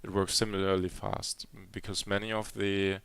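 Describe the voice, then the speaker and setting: A man's voice: low-pitched, flat delivery, normal speed, vocal fry, a bit bright, clear, resonant tone. A man giving a live coding demo at a conference, talking hesitantly with many fillers and restarts. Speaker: conference speaker. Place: conference hall.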